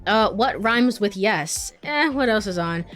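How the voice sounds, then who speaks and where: A woman's voice: mid-range voice, animated, measured pace, a bit bright, soft background music. A young woman streamer casually commenting on a video game, chatty and giggling, with lots of fillers. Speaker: let's play streamer.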